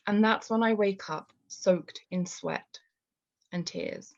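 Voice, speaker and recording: A woman from Kashmir, telling a story live in a calm, measured way that turns hesitant and full of fillers when she talks freely. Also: medium pitch, gravelly, dull audio.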